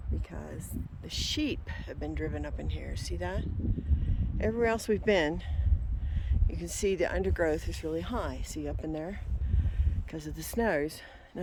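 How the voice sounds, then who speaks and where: A woman's voice: lowish voice, a little mellow, slight background noise. A woman vlogging outdoors on a mountain trail, swearing and ranting furiously about the land. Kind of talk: angry outdoor vlog rant.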